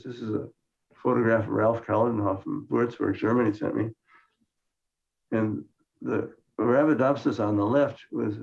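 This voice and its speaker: Older man, gravelly, dry humor. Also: mid-range voice, darkish tone. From Minnesota, United States. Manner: dry, understated humor with frequent restarts. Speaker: scientist giving a lecture. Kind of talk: conference lecture with slides. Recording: muffled lo-fi lecture recording.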